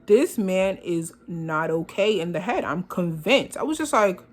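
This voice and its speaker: Animated young woman telling a story. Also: fairly low pitch, unhurried. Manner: animated, expressive, quotes herself and others. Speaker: vlogger. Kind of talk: casual storytime. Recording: phone with faint background noise.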